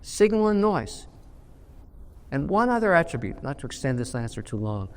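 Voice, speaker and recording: A man's voice: fairly high pitch, big pitch swings, normal speed, big-room sound. A man in his sixties telling blunt, emphatic anecdotes as an investor guest in an interview. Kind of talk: storytelling interview answer.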